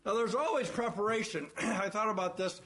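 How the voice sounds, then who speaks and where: High-voiced man preaching a sermon. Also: fairly quick, fairly bright tone. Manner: emphatic, repeats phrases, asks rhetorical questions.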